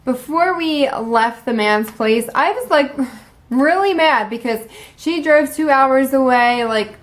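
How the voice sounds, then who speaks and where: Storytime vlogger: a young woman with a fairly high voice, loose, cursing and animated. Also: slow. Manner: profane, animated, full of likes. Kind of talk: casual storytime vlog.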